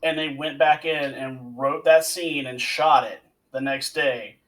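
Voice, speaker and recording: A man's voice: mid-range voice, steady tone, a little slow, fairly bright tone. Podcast cohost guy telling movie trivia stories, mic sounds a bit far off. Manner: storytelling, explains with trivia. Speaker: podcast co-host. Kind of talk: casual chat.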